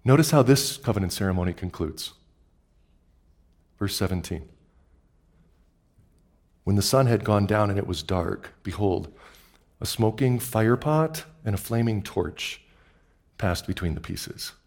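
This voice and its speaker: A male pastor preaching a sermon, swinging from hushed, slow lines to loud, excited bursts and repeating words for emphasis. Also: fairly low pitch.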